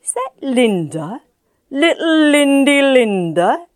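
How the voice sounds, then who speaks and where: A woman reading voices a drunk, grinning young man, loud and teasing. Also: very high-pitched, big pitch swings, takes it slowly, no echo, studio quality, voice pushed up, heavily acted.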